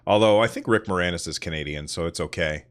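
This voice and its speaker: A man's voice: deep voice, fast talker, a bit bright, clean tone. A man from the northern United States hosting a casual solo podcast livestream, telling rambling, self-deprecating stories. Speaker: podcast host.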